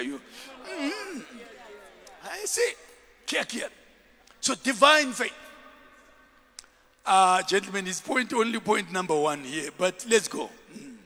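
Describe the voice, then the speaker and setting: A man who is a bishop preaching a sermon, animated and full of call-and-response with his congregation, in a large church. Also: high voice. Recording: live church sound with long hall reverb.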